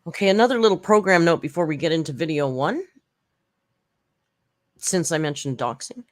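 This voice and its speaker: With lively intonation at normal speed, a channel host gives blunt, rambling commentary in a casual way. He often restarts, adds side remarks, and uses sarcastic pitch jumps for emphasis.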